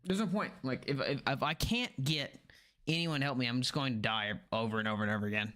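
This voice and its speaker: A man's voice: medium pitch, fast talker. A young man, a gaming streamer, ranting in frustration with constant swearing over his gameplay. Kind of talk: live gameplay commentary. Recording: loud noise and key clicks.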